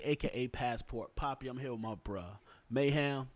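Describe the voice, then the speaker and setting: A man's voice: medium pitch, expressive, a little slow, few pauses. Rambling man hosting a podcast. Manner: loose, rambling, many fillers and restarts. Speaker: podcast host. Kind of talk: casual podcast chat.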